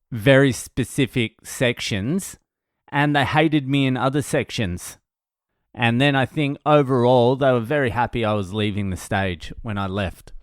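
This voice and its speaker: Man, mid-pitched voice, dry close sound, swears constantly, wry self-mocking storyteller. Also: no room sound. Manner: blunt, heavy swearing. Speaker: stand-up comedian. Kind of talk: casual storytelling monologue.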